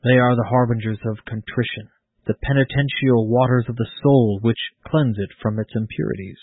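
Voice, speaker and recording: A kindly old prison chaplain speaks gravely, as if preaching, as a man reads his part. The voice is husky and dry, with a thin, phone-like sound. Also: mid-range voice, steady tone, normal speed, no room sound, close to an everyday voice. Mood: solemn.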